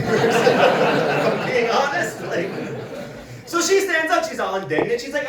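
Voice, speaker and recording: Extremely high-pitched and swinging widely in pitch, this Manitoba comic speaks at a moderate pace, poking fun at himself on a club stage and chuckling at his own jokes. The sound is distant and roomy, with the crowd audible.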